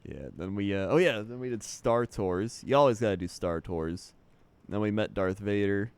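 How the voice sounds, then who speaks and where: A man's voice: on the low side, moderate pace, clean tone, no echo. A young man streaming, telling a rambling story in casual chat and laughing often.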